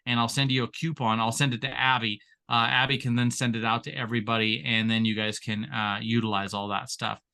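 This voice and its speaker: A man's voice: mid-range voice, little pitch movement, fairly quick, gravelly, few pauses, sharp tone. A man leading a training session over a video call, teaching in an earnest, repetitive, emphatic way.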